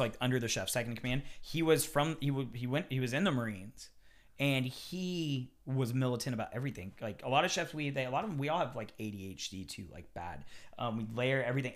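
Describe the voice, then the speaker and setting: Male chef, conversational guest, lively and profane, mid-range voice. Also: medium pitch. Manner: animated, swears freely, acts out kitchen quotes. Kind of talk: casual podcast chat.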